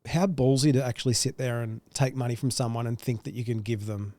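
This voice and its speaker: Relaxed, curious interview host. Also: mid-range voice, a little fast. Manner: relaxed, curious, slangy questions. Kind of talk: casual interview chat.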